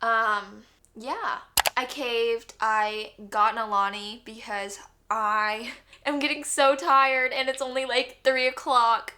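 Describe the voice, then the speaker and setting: Young female vlogger, bubbly and chatty; bright, slightly high voice. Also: fairly even intonation, slow pace. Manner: chatty, bubbly, heavy use of "like". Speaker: book vlogger. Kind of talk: casual vlog chat.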